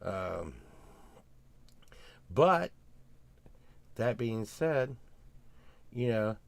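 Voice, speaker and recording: Older podcast host, loose rambling talker who works himself up into loud rants. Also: male voice, medium pitch, big pitch swings, very slow, vocal fry. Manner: rambling, grumbling, gets loud and worked up when ranting. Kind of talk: casual chat.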